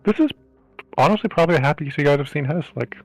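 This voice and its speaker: A man's voice: fairly high pitch, lively intonation, fast, no echo, faint music behind, poor audio. A man playing a tabletop game, chatting casually and rambling, repeating himself as he thinks aloud. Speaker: player.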